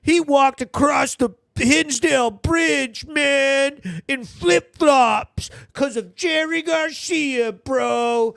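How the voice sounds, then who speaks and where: A man voicing a proud mother bragging about her reckless son, shouting high and drawn out, with a gravelly edge. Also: very slow, few pauses, no room sound, exaggerated voice. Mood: mocking pride.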